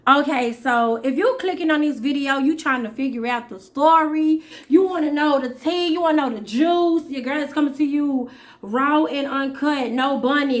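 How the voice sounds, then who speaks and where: A woman in her thirties speaking casually to her viewers as a vlogger, chatty and direct, with many pauses and fillers. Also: high voice. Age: 30s. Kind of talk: casual talk to camera.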